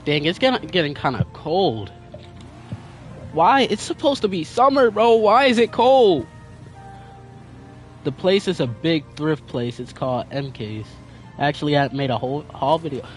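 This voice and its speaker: A man's voice: on the high side, lively intonation, a little slow, long pauses. A young man chatting casually with viewers while playing a game, in a slangy, talkative way. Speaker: gaming streamer. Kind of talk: casual gameplay commentary. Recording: game music playing behind.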